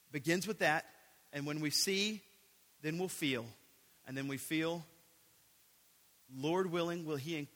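A man's voice: a little high, sharp tone. A man preaching a sermon as a pastor, earnest, and repeating key phrases for emphasis. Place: church sanctuary. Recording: echoey hall.

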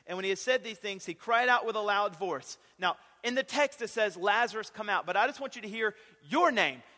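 A man's voice: sits high, a little fast, pushed and bright. A man preaching a sermon, emphatic and repeating his key phrases. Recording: long reverb of a large hall.

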